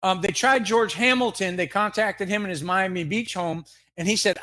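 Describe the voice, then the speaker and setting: A man's voice: sits high, moderate pace, bright, forceful tone. A man co-hosting a live comedy fake-news segment, rambling through jokes and laughing at his own gags. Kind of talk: mock newscast banter.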